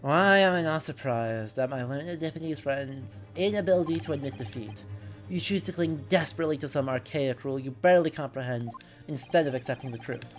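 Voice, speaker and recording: A woman voicing a haughty male prosecutor in a courtroom game, reading his lines in a slow, scornful drawl. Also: very deep voice, faint music behind, pitched below the performer's own voice. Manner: drawling, sneering, slow and deliberate.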